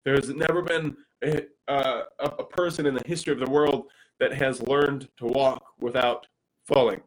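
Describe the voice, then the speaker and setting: A man, telling personal stories as a father in an animated way, with frequent restarts. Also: medium pitch, normal speed, poor audio. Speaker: speaker and father. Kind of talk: personal storytelling talk.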